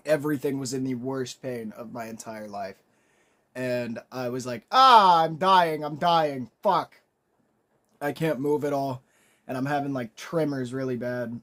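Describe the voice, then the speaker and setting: A young man tells a comedic storytime in a loose, rambling way, dropping swear words constantly. He clears his throat and coughs often between sentences. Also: mid-range voice, fairly bright tone.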